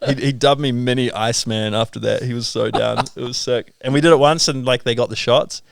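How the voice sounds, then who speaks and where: A man with a New Zealand accent, a podcast guest, telling stories in a relaxed way full of "like" and "bro". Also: medium pitch, a little fast, creaky, no echo. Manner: laid-back, filler-heavy, lots of "like" and "bro". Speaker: podcast guest, pro skier. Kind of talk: casual podcast storytelling.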